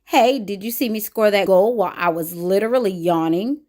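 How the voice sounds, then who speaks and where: A woman with a warm, medium-pitched voice reads a picture book aloud, lightly acting the part of a pompous showbiz cheese who craves attention. She brags in a boastful, showy way, drawing out her words.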